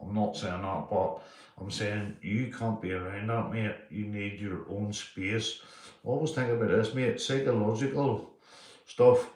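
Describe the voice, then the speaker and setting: A man's voice: on the low side, fairly even intonation, measured pace, darkish tone, echoey room. A man chatting loosely on a live stream, reading out viewers' names and swearing a lot. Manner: sweary, loose, keeps saying mate. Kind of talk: casual live-stream chat.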